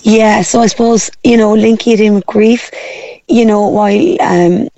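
A woman with a croaky, hoarse voice that crackles with gravelly fry. She talks as a guest in a casual chat, hesitant and filling pauses as she goes. The sound is close and dry. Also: mid-range voice, steady tone, mellow, no room sound, muffled recording. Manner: hesitant, many fillers. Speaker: guest parent.

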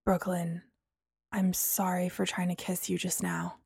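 A woman voicing a tired, soft-spoken young man who murmurs quietly. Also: on the high side, measured pace, slightly rough, no echo, studio quality. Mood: weary.

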